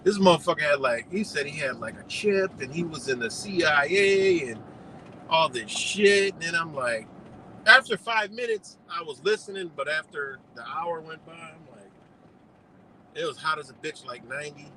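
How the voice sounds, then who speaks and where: A man hosting a live stream, telling a story in a loose, profane, animated way and laughing often. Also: fairly high pitch, normal speed, a little hiss or hum, poor audio. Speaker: livestream host.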